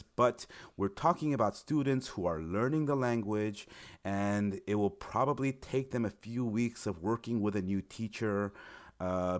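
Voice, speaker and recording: Low-voiced encouraging man explaining. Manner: friendly, encouraging, stresses key words with lifts in pitch. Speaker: recruiter explaining teaching in China. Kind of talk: informal explainer video.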